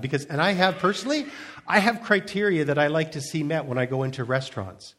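A man's voice: fairly high pitch, fast talker, a bit bright, a little hiss or hum. A middle-aged man preaching a casual sermon, telling humorous stories and often restarting his sentences. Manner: chatty, humorous storytelling with frequent restarts and repeated words. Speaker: pastor. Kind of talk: conversational sermon.

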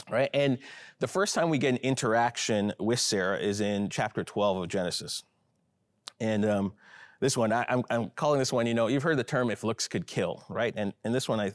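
A man preaching a conversational sermon and reading scripture. He talks in a chatty, informal way, often checks in with his listeners, and gets animated when he puzzles over the text. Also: on the low side, dry recording, studio quality. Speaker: pastor.

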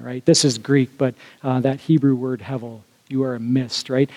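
A pastor with a slightly high, darkish voice preaches from the pulpit in a casual, conversational way, full of fillers and asides to the congregation. A large hall gives the sound long reverb.

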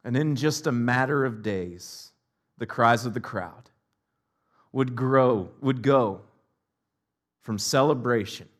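A male pastor preaching a sermon, swinging between loud impassioned cries and hushed, almost whispered lines. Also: medium pitch, slow, pauses often.

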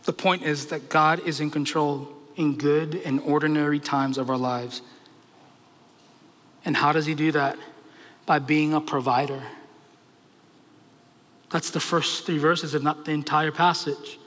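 High, bright-voiced preaching man. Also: steady tone, big-room sound. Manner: impassioned, asks rapid rhetorical questions. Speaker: pastor. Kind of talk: sermon.

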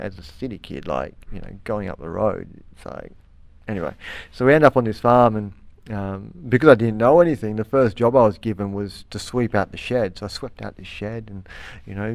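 With a creaky voice on the low side and no room sound, a young Australian interview guest recounts his story in a casual way. He rambles and restarts often, growing lively whenever he quotes other people.

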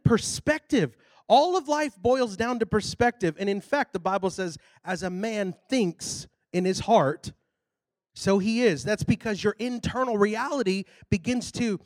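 High-voiced man preaching with fire. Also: unhurried, no echo. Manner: animated, builds to shouting exhortations. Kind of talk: sermon with storytelling. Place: church.

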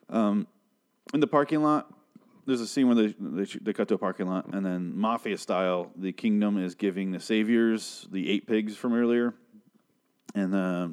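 A young man with a lowish voice rambles through a TV episode recap. He is sarcastic and profane, and he slips into quick impressions of the characters. It sounds like a loose solo review show. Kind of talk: casual recap and review monologue.

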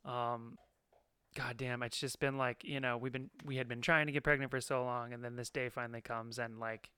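Bright, smooth-voiced man chatting excitedly. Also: mid-range voice, moderate pace. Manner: excited, rambling, with frequent "like" and swearing. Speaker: new father, co-host. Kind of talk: casual chat.

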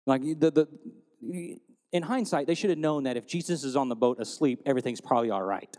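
Man, pastor, sermon, storytelling delivery, mid pitch, long hall reverb. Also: fairly quick. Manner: storytelling, animated when retelling scripture.

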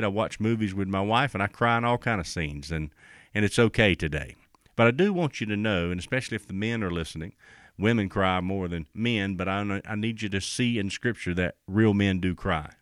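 A middle-aged man preaching a sermon, rising in pitch and slowing down whenever he quotes scripture. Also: fairly bright tone, no echo, clean studio sound. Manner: rises in pitch and slows down when quoting scripture.

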